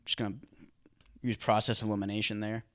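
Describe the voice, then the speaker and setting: Deadpan young man with dry asides. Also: fairly low pitch, a little fast, no echo. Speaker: podcast co-host. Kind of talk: casual comedic chat.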